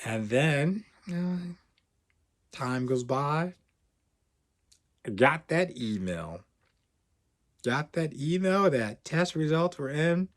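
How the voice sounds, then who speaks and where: Guy chatting to camera, rambly storyteller, mid-pitch voice, keeps saying whatever. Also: moderate pace. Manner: rambling, animated, repeats "whatever". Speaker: premed coach.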